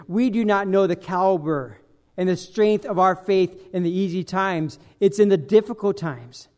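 A man's voice: sits high, a little slow, darkish tone. A man preaching an expository sermon, reading scripture and acting out speakers' words with heavy emphasis, with frequent "uh" fillers and repeated words. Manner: emphatic, dramatizes scripture in character voices, many "uh" fillers and repeats.

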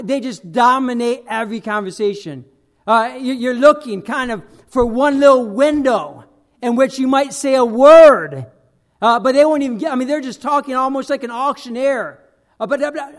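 A man preaching an expository sermon, reading scripture and acting out speakers' words with heavy emphasis, with frequent "uh" fillers and repeated words. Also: extremely high pitch. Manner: emphatic, dramatizes scripture in character voices, many "uh" fillers and repeats.

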